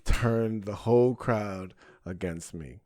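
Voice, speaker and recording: A man's voice: lowish voice, takes it slowly, mellow, no echo. A young adult man, a podcast host and stand-up comedian, telling a story in casual chat and acting out his own stage lines.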